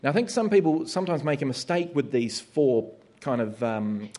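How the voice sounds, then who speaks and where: A man's voice: medium pitch, sing-song, normal speed, darkish tone. A male preacher delivers a sermon. He talks in a conversational way and slips into the voices of his listeners to make a point.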